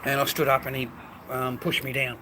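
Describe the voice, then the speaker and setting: An Australian man vlogs outdoors on a phone camera beside a food stall, rambling and swearing casually in a blokey street-vlog style. His medium-pitched voice is completely flat and fairly quick, over a noisy background.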